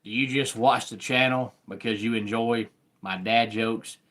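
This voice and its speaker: A man with a Southern accent hosting a live sports talk stream, chatting with viewers in an unhurried way. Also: medium pitch, steady tone, a bit bright. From American South. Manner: unhurried, greets viewers by name.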